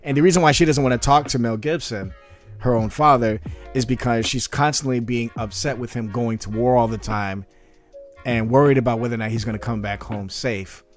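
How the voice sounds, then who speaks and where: A man's voice: medium pitch, a little fast, faint music behind. A man hosting a casual podcast, rambling with many repeated words and laughing often. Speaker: podcast host. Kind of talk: casual chat.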